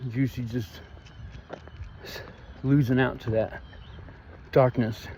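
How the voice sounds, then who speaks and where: A man's voice: medium pitch, flat delivery, slow pace, dark tone, a little hiss or hum. A man with a Missouri twang venting in a rambling, aggrieved vlog monologue. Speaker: vlogger.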